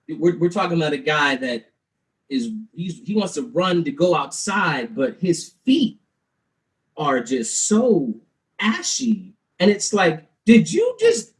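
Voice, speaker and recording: A young man doing a stand-up comedy set, telling his stories in an animated, loose way. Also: sits high, low-quality recording. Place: live-streamed show.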